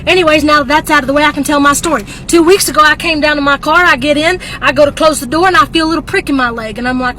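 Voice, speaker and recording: A woman's voice: high voice, fast talker, few pauses, bright, forceful tone, slight background noise, rough recording. A woman, telling a comic story in a folksy, exaggerated way. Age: 20s.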